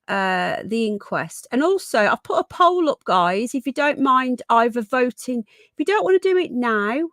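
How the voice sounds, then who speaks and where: A woman hosts a live stream, casually greeting viewers by name and calling them darling and sweetheart as her voice grows hoarse. Her pitch is fairly high and the recording is dry.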